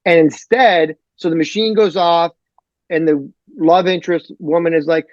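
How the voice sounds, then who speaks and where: A man from Detroit, a novelist guest on a podcast, talking in a rambling, animated way full of fillers. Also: a little high, moderate pace, no echo, muffled recording. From Detroit, USA. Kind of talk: casual podcast chat.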